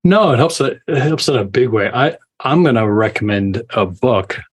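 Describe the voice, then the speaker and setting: A man's voice: mid-range voice, expressive, moderate pace. A man hosting a podcast, asking questions in a conversational way with hesitant repeats. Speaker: podcast host. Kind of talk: interview questions.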